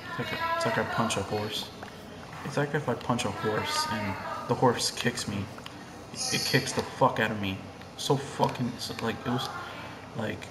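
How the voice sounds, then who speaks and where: A young man giving casual gameplay commentary, excitable and profane, swinging between hushed muttering and loud yelling. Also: fairly low pitch, roomy sound, very noisy. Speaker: gamer.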